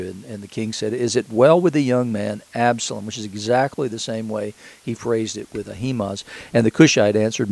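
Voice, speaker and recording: A middle-aged man giving a sermon, retelling a scripture story in a conversational way with halting restarts. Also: on the low side, gravelly, darkish tone, poor audio.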